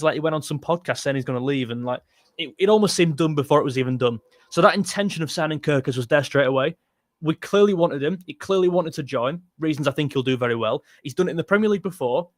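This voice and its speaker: A young man hosting a live football stream, talking fast and opinionated, with frequent restarts. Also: a little high, dry recording, clean studio sound. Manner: quick, opinionated, chatty, with many restarts. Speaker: football channel host. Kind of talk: live-stream chat reading super chats.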